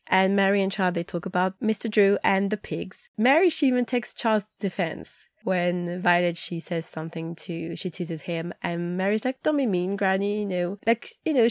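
A woman's voice: medium pitch, no room sound, clean studio sound. A woman chatting casually as a podcast host, animatedly retelling scenes and acting out lines. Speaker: podcast host recapping a TV episode. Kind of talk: casual chat.

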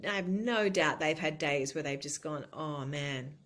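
In a casual conversational interview, an Australian woman in her fifties speaks candidly as a guest, her Australian accent tinged with a slight American lilt. Her voice sits low and moves at a moderate pace, full of lively restarts and quick laughter.

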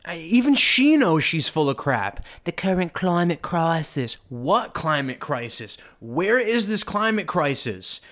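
Male podcast host with a high-set voice, sarcastic and indignant, ranting commentary. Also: big pitch swings, measured pace, hardly any pauses, a bit bright.

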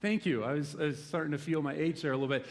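Speaking rapid-fire with a voice on the high side, a pastor in his forties from the rural United States preaches to a congregation in a church hall. He tells a lively story from his rural youth, then softens, swinging from loud exclaims to quiet reflection.

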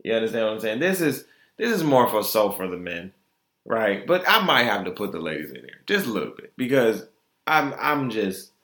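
A man hosting his own podcast, giving an opinionated, exasperated casual monologue. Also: normal speed. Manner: animated, exasperated, swings pitch up high in mock disbelief. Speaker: podcast host. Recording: echoey room.

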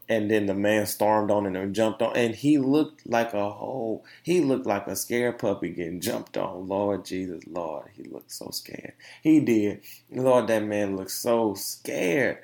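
A young man hosting a podcast, telling a story in a casual, animated opinion monologue full of slang and laughter. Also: on the low side, unhurried, gravelly. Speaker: podcast host.

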